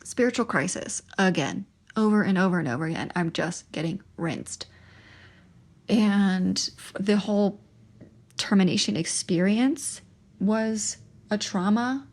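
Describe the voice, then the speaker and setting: Young woman, gravelly voice, halting emotional monologue. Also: medium pitch, a little mellow. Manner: emotional, halting, with restarts and pauses. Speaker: podcast host sharing her testimony. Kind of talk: personal testimony monologue.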